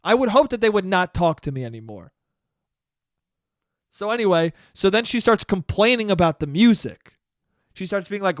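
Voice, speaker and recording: High-voiced man telling a profane story. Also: big pitch swings, normal speed, pauses often, no echo, clean studio sound. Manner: profane, rambling, acts out dialogue. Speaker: podcast host. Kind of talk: casual comedic storytelling monologue.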